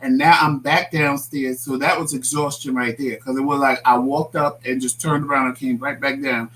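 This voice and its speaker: A man co-hosting a casual talk show, telling stories in a blunt, animated way. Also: medium pitch, normal speed, rough recording. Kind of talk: casual chat.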